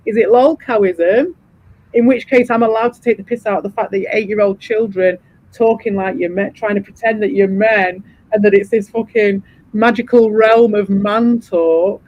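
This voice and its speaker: A man hosting a livestream, ranting sarcastically and swearing a lot, mocking people in put-on voices. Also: high-pitched. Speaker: livestream host. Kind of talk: heated livestream rant. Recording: dull lo-fi stream audio.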